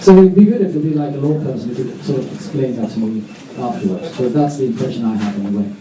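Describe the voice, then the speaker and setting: A man doing a live stand-up set on a comedy club stage, rambling with self-mocking, deadpan asides. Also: mid-range voice, quick pace, a crowd in the background. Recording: echoey club, distant mic, audience.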